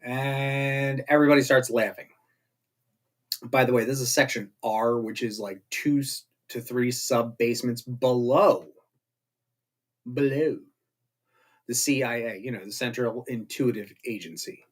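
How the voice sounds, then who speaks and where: A man talks through a series recap in a loose, chatty way, rambling from point to point and tossing in jokey asides. His voice sits at an ordinary middle pitch. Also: fairly even intonation, measured pace. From not British. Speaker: show host recapping a series. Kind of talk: casual spoken episode recap.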